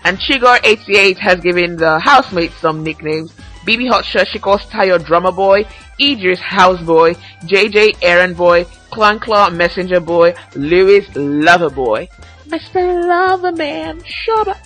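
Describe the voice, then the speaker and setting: A woman hosts a casual solo podcast, chatting and reading fan tweets aloud. Her voice is bright and forceful, and she talks in a lively way and laughs often. Faint music plays quietly behind her. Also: lowish voice, unhurried, rough recording. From Nigeria. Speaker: podcast host.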